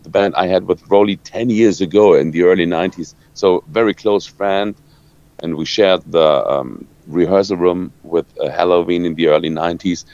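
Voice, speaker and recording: A lower-pitched man with a German accent, talking through an interview in halting English and stopping often to hunt for the next word. The sound is dull and lo-fi, dry with no room around it. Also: a little mellow, no room sound. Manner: halting, searching for words, many restarts. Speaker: rock guitarist. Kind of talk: interview answers.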